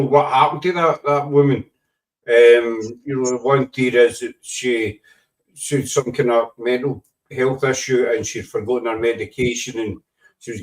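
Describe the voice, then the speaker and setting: A man's voice: mid-range voice, distant mic, poor audio. Man host, set back from the mic. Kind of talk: interview questions.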